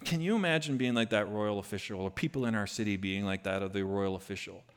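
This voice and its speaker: A man's voice: fairly low pitch, quick pace, clean tone. Man preaching a casual sermon. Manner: conversational, animated when retelling scripture. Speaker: pastor.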